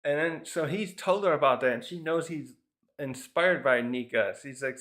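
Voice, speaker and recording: A man's voice: fairly high pitch, normal speed, fairly bright tone. A man casually reviewing a comic chapter, rambling through the scenes with lots of fillers and little chuckles. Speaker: manga reviewer.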